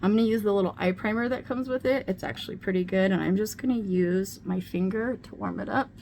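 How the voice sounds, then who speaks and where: Gravelly-voiced woman chatting frankly. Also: mid-range voice, fast, darkish tone, slight background noise. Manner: candid, swears freely, talks while applying makeup. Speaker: makeup vlogger. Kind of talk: casual get-ready-with-me chat.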